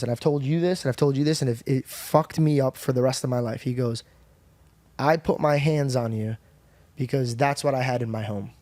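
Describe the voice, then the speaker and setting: A man's voice: mid-range voice, darkish tone, no echo. Man telling a story bluntly and casually. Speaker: podcast host. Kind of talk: casual conversation.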